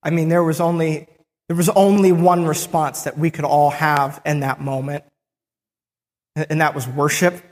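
A preacher retelling a Bible story in the first person, with frequent restarts and pauses. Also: medium pitch, fairly even intonation, a little mellow, in a large hall.

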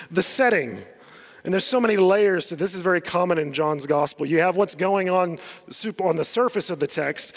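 A man's voice: high voice, in a large hall. A male pastor preaching a sermon in a conversational way, laughing often and acting out the quotes he tells.

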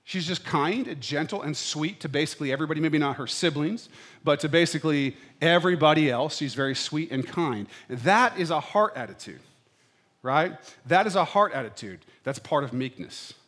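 A man's voice: a little high, lively intonation, moderate pace, a bit bright. A middle-aged man preaching a sermon in a chatty, playful way, often checking in with the congregation. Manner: conversational preaching with playful asides, checking in with "right?". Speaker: pastor.

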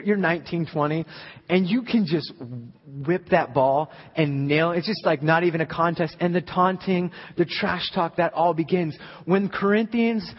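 A man preaching a sermon as a guest speaker, conversational at times and building to loud, emphatic peaks. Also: on the high side. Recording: echoey hall, slightly dull sound.

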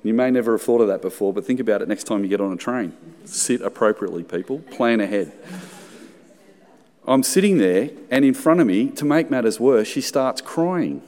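A man's voice: mid-range voice, fairly quick. Australian man preaching in a reverberant hall. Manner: animated storytelling, conversational. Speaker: pastor. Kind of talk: sermon with personal story.

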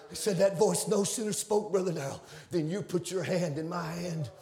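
A man preaching with real fervor, his voice pitched high with a gravelly edge. He tells his stories in a folksy, conversational way, then builds to shouted peaks. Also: moderate pace. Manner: fervent, rising to shouted climaxes. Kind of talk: sermon.

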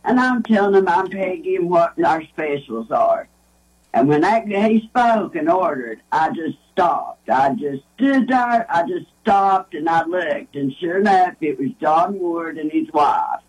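Husky folksy woman. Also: fairly low pitch, animated, measured pace, a little mellow, low-quality recording. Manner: rambling, folksy, lots of restarts. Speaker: guest. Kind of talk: casual storytelling.

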